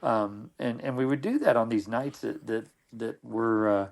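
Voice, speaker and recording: A man's voice: mid-range voice, a little slow, gravelly. A middle-aged man, a podcast guest, telling old stories in casual conversation, rambling and restarting his sentences often. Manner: rambling, with frequent restarts and repeated words. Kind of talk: casual anecdotal storytelling.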